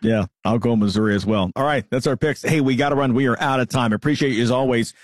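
A man's voice: mid-range voice, fast talker, no echo, clean studio sound. A man hosting a sports radio show, leading the weekly picks in a casual, upbeat way with frequent fillers. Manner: hesitant, many fillers, upbeat. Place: radio studio.

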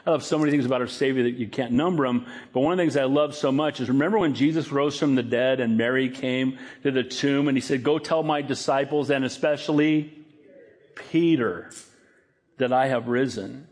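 A man preaching a sermon, animated, acting out scripture quotes in a raised voice. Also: medium pitch, a little fast. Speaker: pastor.

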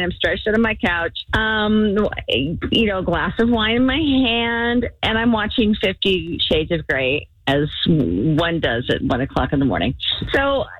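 Lively, animated woman caller. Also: mid-range voice, normal speed, no room sound, dull audio. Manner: animated, laughing storyteller. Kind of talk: phone-in story on a radio show.

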